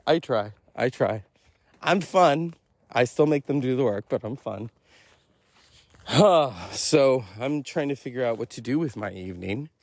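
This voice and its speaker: A man talking casually on his own podcast, rambling and laughing between thoughts and jumping up in pitch to act out what others said. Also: no echo. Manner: animated, jumps high to act out quotes. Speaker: podcast host and teacher. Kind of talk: casual solo monologue.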